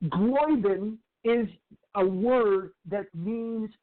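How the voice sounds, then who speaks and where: A man giving a twelve-step recovery talk in a storytelling lecture style, slowly repeating phrases for emphasis. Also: high-pitched, a little hiss or hum. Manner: slow, emphatic repetition of phrases. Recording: tinny phone-like sound.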